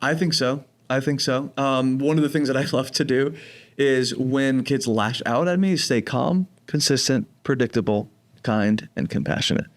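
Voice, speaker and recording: A man from New Jersey with a light accent of his home state speaks in a podcast interview. His voice sits at an ordinary middle pitch, and he explains things calmly and patiently with a playful, joking streak. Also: normal speed. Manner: calm, explanatory, jokey. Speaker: program director of teen residential treatment.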